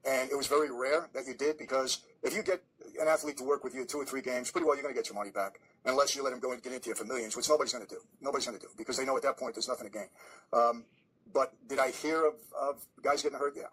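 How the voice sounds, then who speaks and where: Man, husky, rapid, candid interview guest who stumbles and confides. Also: medium pitch, fairly even intonation, a bit bright, rough recording. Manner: hesitant, restarting, confiding.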